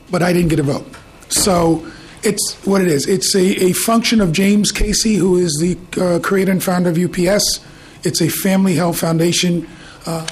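A middle-aged man with a notably high voice gives formal testimony to a committee, laying out his points in a measured, courteous way. He is on a table microphone in a hearing room with a faint ambient hum behind him. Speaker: invited presenter, program team leader.

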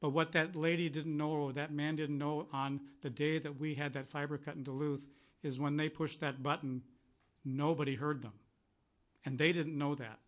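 Middle-aged man testifying at a hearing, earnest and emphatic, voice a touch high. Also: level tone, normal speed. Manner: earnest, emphatic, repeats words for stress. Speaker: county commissioner testifying. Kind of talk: formal testimony to a legislative committee. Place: legislative hearing room.

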